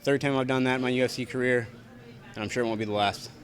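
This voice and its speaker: A young male fighter, medium-pitched and steady, talks quickly as he answers reporters in an arena's backstage press area after a bout. His post-fight replies are blunt, profane and repetitive.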